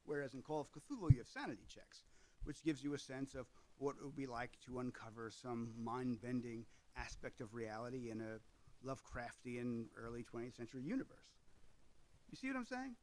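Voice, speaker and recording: Brief: male host for a tabletop explainer, mid-pitched, discursive. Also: expressive, moderate pace, darkish tone, a little hiss or hum, rough recording. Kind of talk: explainer video on tabletop gaming.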